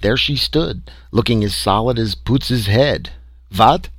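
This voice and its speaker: A man narrating a story in an expressive, dramatic reading style. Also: mid-range voice, unhurried, dry recording. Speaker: audiobook narrator.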